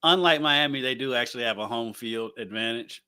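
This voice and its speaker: A man co-hosting a casual sports podcast, relaxed and chuckling between points. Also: mid-range voice, a little fast, clear, resonant tone, no echo, clean studio sound. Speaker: podcast co-host.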